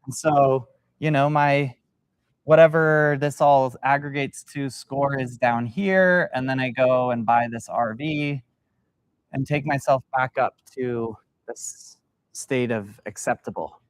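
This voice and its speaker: A man's voice: medium pitch, slow, clean tone, no room sound. A middle-aged man mentoring business founders in a live workshop, telling a story and quizzing the room. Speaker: sales mentor. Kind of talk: live workshop talk to an audience. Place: meeting room with an audience.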